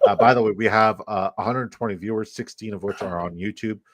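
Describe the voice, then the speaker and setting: A man's voice: lowish voice, fairly even intonation, a little fast, no room sound. A young adult man hosting a casual livestream with brash, profane, hype-man energy. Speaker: host.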